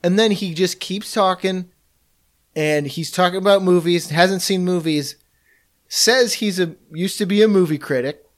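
Profane storytelling man, slightly high voice. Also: measured pace. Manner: profane storytelling, mimics people he met. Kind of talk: casual podcast chat.

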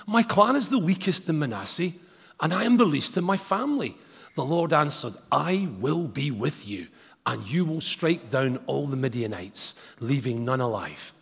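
A man's voice: on the high side, vocal fry, slightly rough. A man preaching a sermon and reading scripture aloud, with casual asides to the congregation. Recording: long hall reverb.

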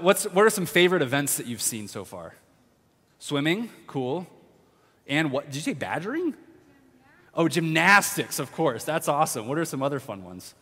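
A man preaching a casual sermon as a pastor, chatty and upbeat with fillers and restarts, dropping to a hush when he prays. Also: fairly high pitch. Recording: long hall reverb.

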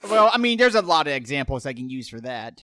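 A woman player cracking deadpan jokes during casual table talk. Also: very deep voice, quick pace, no room sound, clean studio sound. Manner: wisecracking, deadpan punchlines. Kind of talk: casual chat.

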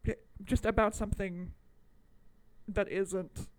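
A woman co-hosting a podcast in casual, animated chat, swearing freely and laughing often. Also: medium pitch, slow pace. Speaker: podcast co-host.

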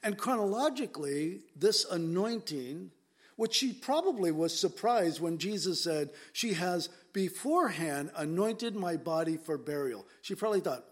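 A male pastor with a slightly higher-pitched voice, preaching in an emphatic, conversational way. He leans on rhetorical questions as he works through the verses. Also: very animated, unhurried, slightly rough. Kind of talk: expository sermon.

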